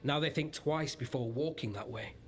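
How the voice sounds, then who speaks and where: A man's voice: medium pitch, normal speed, faint music behind, lightly acted. A man voicing a sly, teasing rogue. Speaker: game character.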